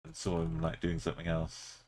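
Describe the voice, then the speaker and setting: A man's voice: deep voice, little pitch movement, moderate pace, a little mellow. A man streaming live, thinking aloud as he plays and chatting casually with his viewers. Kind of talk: casual live-stream commentary while playing.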